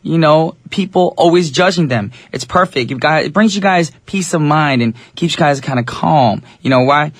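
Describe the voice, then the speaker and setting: A young man hosting a radio show in a studio, chatting casually and talking straight to his listeners, his voice a little raspy. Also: on the high side, normal speed, hardly any pauses, no echo. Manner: easygoing, chatty, addresses listeners directly. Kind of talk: English-language radio DJ chat.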